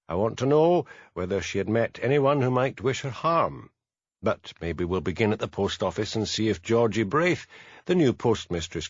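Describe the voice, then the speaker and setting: A man playing a steady Highland police sergeant with a Scottish Highland accent in an audiobook, calm and dry. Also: dry recording, lo-fi sound. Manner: calm, dry, gently commanding.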